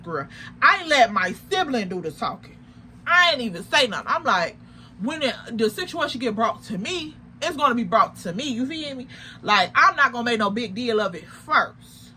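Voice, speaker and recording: Young woman, high voice, vlog storytime, animated, slangy, emphatic. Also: normal speed, a little hiss or hum. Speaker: vlogger. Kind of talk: casual storytime.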